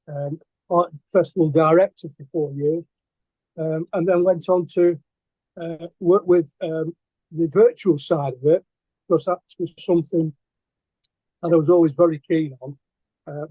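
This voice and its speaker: A middle-aged man with a Lancashire accent tells his stories in a casual interview, halting often with ums and restarts. His voice sits fairly high. The sound is dry and thin, like a phone line. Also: dry recording. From England. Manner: hesitant, many ums and restarts. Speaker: guest artist.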